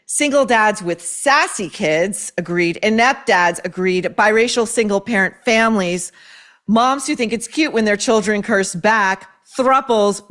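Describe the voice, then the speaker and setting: A woman's voice: medium pitch, fairly bright tone. A woman hosting a show, reading viewer mail and advice letters aloud and reacting with blunt, sarcastic commentary full of swearing. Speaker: host.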